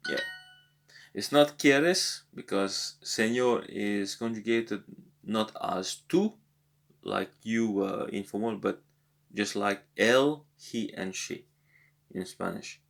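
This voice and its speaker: A man talking through a language exercise, thinking aloud in a hesitant way and slowly sounding out foreign words. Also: on the low side, gravelly. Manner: hesitant, thinking aloud with many pauses and repeats. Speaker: language lesson vlogger working through exercises. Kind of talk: casual think-aloud tutorial.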